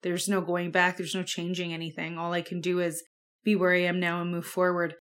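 A woman's voice: fairly low pitch, monotone, a little fast, fairly bright tone. Candid young woman telling her story. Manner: candid and conversational, with frequent swearing and fillers. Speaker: podcast host. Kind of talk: personal storytelling monologue.

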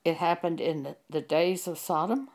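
A woman preacher delivering a sermon, speaking deliberately and with emphasis, pausing to cite scripture chapter and verse. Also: on the low side, darkish tone.

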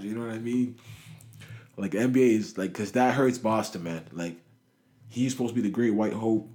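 A man giving a casual, animated monologue about basketball, swearing often and saying "you know what I mean" a lot. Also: lowish voice, moderate pace. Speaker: sports commentator. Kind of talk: casual sports talk monologue.

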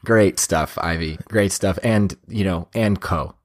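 Male podcast host, lower voice, dry teasing banter. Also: unhurried. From Boston area, USA. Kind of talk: casual chat.

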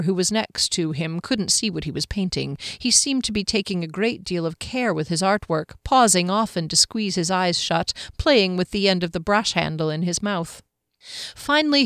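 A woman narrating a fantasy story aloud in a steady, even storytelling manner. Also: lowish voice, smooth, no room sound, studio quality. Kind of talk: audiobook narration.

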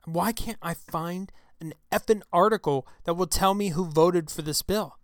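A man hosting his own talk show, delivering an angry, profane political rant into a close microphone, with shouted outbursts. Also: high-pitched, moderate pace, no echo. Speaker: show host. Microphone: close studio mic.

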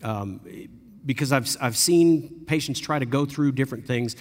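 A man of middle pitch preaches a sermon, and his voice rings with the long reverb of a large hall. He tells the story with animated delivery and briefly acts out the people he quotes. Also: normal speed.

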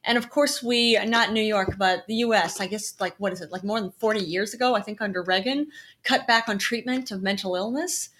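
A woman's voice: mid-range voice, brisk, a bit bright. A woman hosting a casual chat, asking questions and making ironic asides. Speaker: podcast host.

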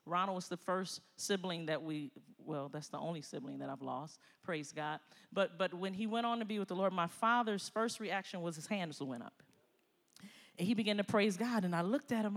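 A middle-aged woman preaching a sermon, moving between quiet personal stories and loud exhortation. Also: fairly low pitch, moderate pace. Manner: animated, swings from quiet storytelling to loud exhortation, laughs often. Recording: long hall reverb.

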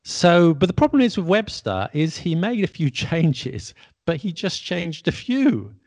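Gravelly British man explaining spelling. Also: a little high, wildly swooping pitch, measured pace, darkish tone. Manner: explanatory, spells words out letter by letter, wry. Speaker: podcast co-host explaining spelling. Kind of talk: casual educational chat.

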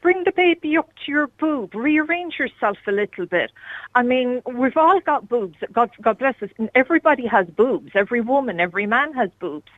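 A woman's voice: on the high side, animated, moderate pace, no room sound. A woman calling in to a radio show, blunt and no-nonsense in what she says. Her voice comes through a narrow, tinny phone line and sounds dry, with nothing of a room around it. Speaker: caller. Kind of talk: phone-in call.

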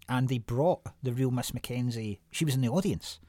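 A man hosting a casual podcast chat, telling rambling, animated stories with plenty of swearing and restarts. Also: mid-range voice, normal speed, no echo. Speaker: podcast host.

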